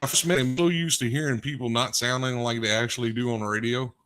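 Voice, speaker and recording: A man with a deep voice, co-hosting a casual podcast chat and telling stories with jokes. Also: fairly even intonation, quick pace, a bit bright, slight background noise. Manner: storytelling, joking. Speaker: co-host.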